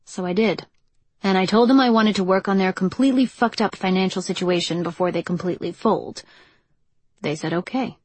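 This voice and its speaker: A woman reading a smooth, teasing young man. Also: mid-range voice, a little fast, a little mellow, dry recording, natural voice. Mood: smug.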